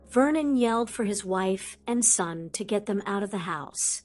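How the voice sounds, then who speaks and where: A woman reading fan fiction aloud as an audiobook narrator, in steady storytelling delivery. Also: medium pitch, a little slow, soft background music.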